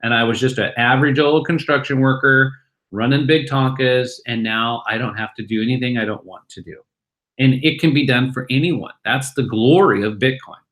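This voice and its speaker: Excited middle-aged man pitching crypto. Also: normal speed. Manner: excited, acts out bar chatter in voices. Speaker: crypto company guest. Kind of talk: animated interview talk.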